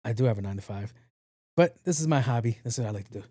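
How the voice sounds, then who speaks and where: A man hosting a podcast in a casual monologue, talking low and evenly, blunt and profane. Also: very fast, no echo, clean studio sound. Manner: low-key, talks in a low even voice. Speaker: podcast host.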